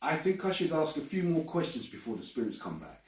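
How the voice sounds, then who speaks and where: A man's voice: a little high, big pitch swings, fairly quick, darkish tone. A man with a London accent hosting a podcast in casual chat. He swears often, laughs a lot and rambles. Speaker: podcast host. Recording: echoey room, mic at a distance, some noise.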